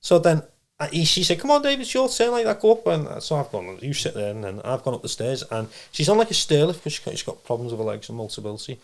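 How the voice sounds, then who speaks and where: A man's voice: mid-range voice, fast, vocal fry. A man, a trance medium guest, telling a rambling personal story in a casual interview. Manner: rambling, animated storytelling with acted-out quotes.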